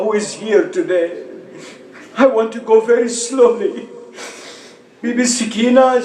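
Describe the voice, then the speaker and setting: A male preacher delivering a mourning sermon, emotive and slow, with moments where he rises to cries. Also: high voice, distant mic, slight background noise. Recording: echoey room.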